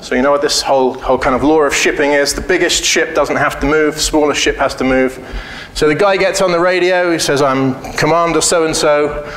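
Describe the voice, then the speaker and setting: A man's voice: fairly high pitch, fairly even intonation, a little fast, few pauses, a bit bright. A man giving a casual conference talk, blunt and joking, telling anecdotes and swearing freely. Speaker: conference speaker. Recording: echoey hall.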